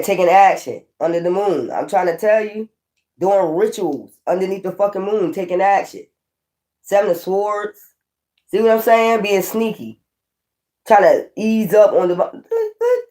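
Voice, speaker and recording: A woman giving a casual tarot reading, swearing often, laughing and talking straight to her viewers. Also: on the low side. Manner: profane, laughing, animated asides to viewers. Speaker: tarot reader.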